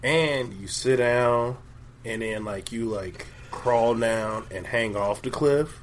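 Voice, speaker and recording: A man's voice: medium pitch, takes it slowly. A man co-hosting a casual comedy sports podcast, joking around with slangy, playful banter. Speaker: podcast co-host. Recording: faint background noise.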